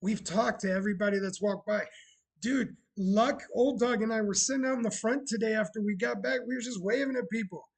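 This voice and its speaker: Chatty high-voiced husky man. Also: fairly quick, poor audio. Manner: chatty and sarcastic, shouting greetings to viewers. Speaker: streamer running a bar roleplay channel. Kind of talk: casual live-stream chat.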